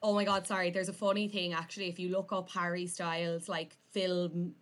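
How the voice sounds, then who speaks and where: A young Irish woman guests on a podcast, chatting casually and filling her talk with "like." Her voice sits on the low side, fairly quick with little pitch movement.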